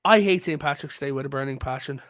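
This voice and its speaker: A man's voice: mid-range voice, fast talker, a bit bright, dry recording. A man from Ireland, a guest in a casual history chat over a video call, telling stories with frequent "like" and "right?". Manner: storytelling, peppered with "like" and "right?".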